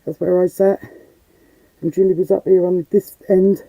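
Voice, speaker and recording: A woman's voice: on the low side, level tone, normal speed, dark tone, poor audio. A woman chatting bluntly and casually on a live stream from the attic of an old house as a paranormal investigator.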